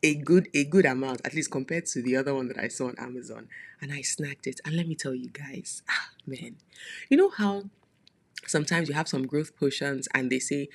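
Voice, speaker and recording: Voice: medium pitch, normal speed, vocal fry. A podcast host talking casually in a solo monologue, chatty and playful, with frequent laughing asides.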